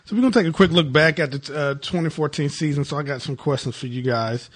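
Man, slightly high voice, sports talk host, animated storyteller, laughing asides. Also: quick pace. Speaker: podcast host. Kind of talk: casual sports chat.

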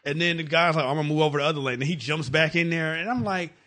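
Animated man hosting sports talk. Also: on the high side, rapid-fire. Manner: animated storyteller, laughing asides. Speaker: podcast host. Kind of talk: casual sports chat.

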